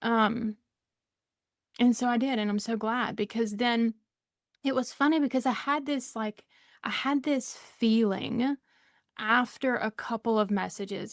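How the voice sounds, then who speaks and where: A woman's voice: fairly high pitch, a little slow, no room sound, studio quality. A woman with a Southern US accent, a podcast guest chatting casually, rambling and laughing often. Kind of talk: casual conversation.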